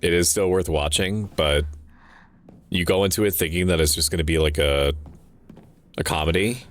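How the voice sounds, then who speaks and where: A man's voice: low-pitched, steady tone, normal speed. A young man streaming a game, chatting casually in a rambling, joking way, often interrupting himself and swearing now and then. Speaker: VTuber streamer. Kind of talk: casual gameplay commentary.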